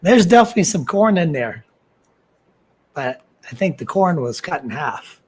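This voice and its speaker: A man's voice: on the high side, very animated, moderate pace, husky. A man on a comedy game show as a contestant, chatting in an easygoing way and chuckling. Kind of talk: casual chat.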